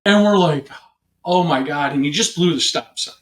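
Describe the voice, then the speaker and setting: Guy with a higher voice spinning a cop story, plays out the characters, echoey room. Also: moderate pace. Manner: lively anecdote-teller who acts out the people in it. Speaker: guest, police officer. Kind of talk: casual storytelling in an interview.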